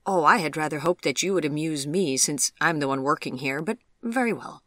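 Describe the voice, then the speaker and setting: A man's voice: fairly high pitch, brisk, a bit bright, no room sound, clean studio sound, lightly acted. A narrator voicing a charming, eager young man with a Sheffield accent, cheerful and teasing in an audiobook. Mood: playful. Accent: Sheffield English.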